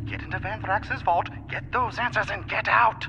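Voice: mid-range voice, steady tone, moderate pace, gravelly, heavy background noise, close to an everyday voice. An actor voicing a sly, pushy young troublemaker in a cartoon who talks in a scheming, goading way.

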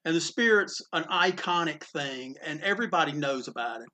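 A comic book store owner from Greensboro, North Carolina, tells a story inside his shop, chatty and casual, full of restarts and asides. His voice sits fairly high with lively intonation and a sharp tone. He talks fairly quickly and barely pauses.

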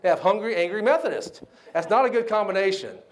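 A man giving a motivational banquet speech, telling his story with lively acted-out quotes. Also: high-pitched, fast talker. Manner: animated storyteller, acts out quoted voices. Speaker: keynote speaker. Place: banquet hall.

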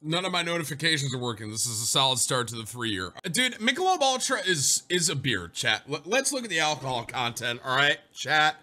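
A man streaming a game live, joking loudly and answering chat and donations. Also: fairly high pitch, big pitch swings, fairly quick, hardly any pauses. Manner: loud, jokey, reacts to chat and donations.

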